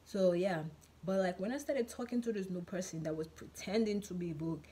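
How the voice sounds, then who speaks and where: A woman's voice: on the low side, normal speed, warm tone, breathy edge. A woman vlogger telling a casual storytime in a chatty, rambling way, full of fillers and repeats.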